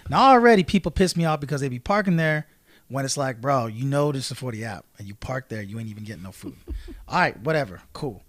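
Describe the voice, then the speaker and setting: A man co-hosting a casual podcast, telling a story in an animated way and acting out both sides of an argument. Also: medium pitch, quick pace, dry recording. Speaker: podcast co-host.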